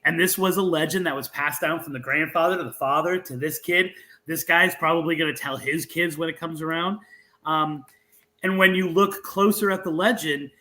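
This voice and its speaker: A guest author and researcher recounts a local legend during an interview, telling it animatedly with many restarts and fillers. His voice is fairly high in pitch, and the audio is poor.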